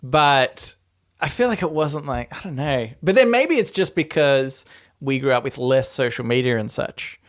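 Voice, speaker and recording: Laughing Australian man, clear voice. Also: medium pitch, animated, normal speed. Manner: laughs often, loose and rambling. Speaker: podcast co-host. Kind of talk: casual chat.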